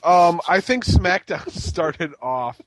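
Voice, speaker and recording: A man co-hosts a casual wrestling podcast, recapping events with jokes and silly, mock-breathy quoted voices. He speaks slowly in a high, somewhat bright voice with lively intonation. There's no echo on the recording.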